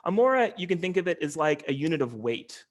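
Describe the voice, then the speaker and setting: A man with a slightly higher-than-usual voice gives an online academic lecture. He explains step by step, pausing often with ums and restarting sentences as he goes. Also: sing-song. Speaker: linguistics professor giving a lecture.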